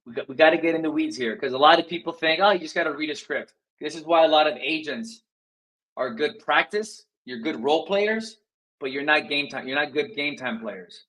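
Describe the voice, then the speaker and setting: A man's voice: a little high, normal speed, fairly bright tone, low-quality recording. A man coaching viewers live on a stream, speaking energetically, addressing them directly and acting out phone scripts to show tone of voice. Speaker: sales coach. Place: indoor livestream.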